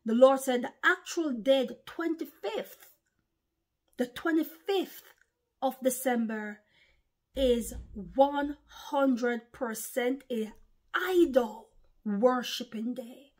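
A woman's voice: sits high, takes it slowly. A woman, preaching an informal online sermon in an impassioned, repetitive, emphatic way. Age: 40s.

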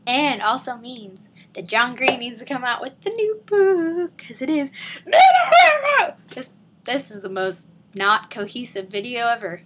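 A seventeen-year-old girl rambling and giggling in an excited fan vlog from her living room. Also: a little high, measured pace, very noisy. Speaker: vlogger.

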